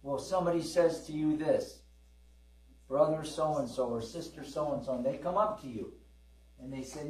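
A middle-aged man preaches to his congregation in a chatty, storytelling way and pauses for amens. His voice sits a little high for a man. He sounds roomy and some way off from the mic. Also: a little mellow, far from the mic. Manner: conversational, calls for amens, acts out dialogue. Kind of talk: sermon with storytelling. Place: church service.

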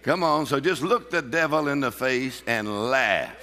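A man preaching a sermon with exuberant energy, breaking into shouts and bursts of laughter. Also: mid-range voice, lively intonation, a little slow, in a large hall, a little hiss or hum. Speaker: pastor.

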